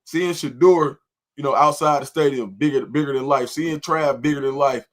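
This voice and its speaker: A man's voice: medium pitch, moderate pace. A man on a casual sports talk show describing his experience as a fan, talking in a rambling, enthusiastic way. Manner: rambling, many fillers and restarts.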